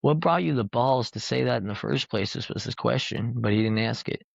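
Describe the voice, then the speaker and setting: A man's voice: medium pitch, fairly quick, creaky, breathy edge, no room sound. A man telling rambling, profane anecdotes in a casual podcast chat. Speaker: podcast host. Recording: dull lo-fi recording.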